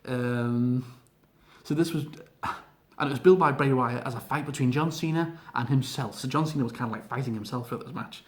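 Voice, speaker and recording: A man giving an excitable, gushing casual video review of a wrestling event, with frequent laughs and filler words. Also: mid-range voice.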